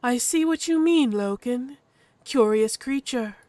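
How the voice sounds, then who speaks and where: A woman voicing an imposing female saber-toothed tiger chief who speaks calmly and commandingly. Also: on the high side, unhurried, dry recording, pitched above the performer's own voice.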